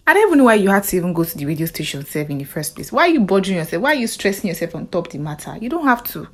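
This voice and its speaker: A Nigerian woman voicing a calm wife who speaks softly and reassuringly. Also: on the low side, racing. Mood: soothing. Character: calm, soothing young wife.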